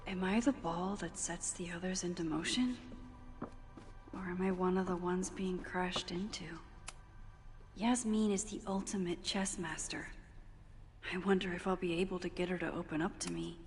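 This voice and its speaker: A woman's voice: on the low side, fairly even intonation, normal speed, long reverb tail, slight background noise, lightly acted. Woman voicing a reflective young heroine. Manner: introspective inner monologue. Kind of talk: video game voice acting.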